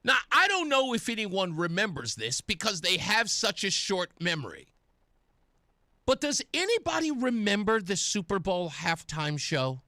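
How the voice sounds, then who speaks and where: Sarcastic high-voiced male radio host. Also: very animated, moderate pace, sharp tone, no room sound, studio quality. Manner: sarcastic, indignant. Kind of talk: political talk radio commentary.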